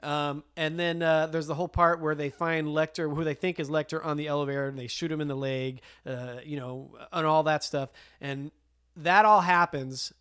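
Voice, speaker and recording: A man chatting enthusiastically about films as a podcast co-host, his voice sitting a little higher than most men's. He keeps piling on fillers and restarts as he works up his excitement. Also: normal speed, smooth. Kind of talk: casual film chat.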